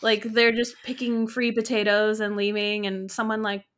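Chatty young woman with a higher voice. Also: level tone, fairly bright tone. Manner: chatty, lots of "like", quick laughs. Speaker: podcast co-host. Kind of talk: casual chat.

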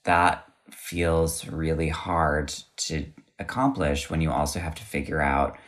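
Low-voiced guy musing slowly in a chat, keeps restarting. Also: a bit bright. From United States. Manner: reflective, halting with restarts. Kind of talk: casual conversation.

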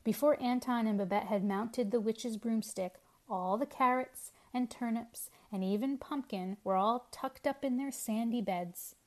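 Woman storyteller; measured, lively storybook narration. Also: fairly high pitch. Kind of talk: storybook reading.

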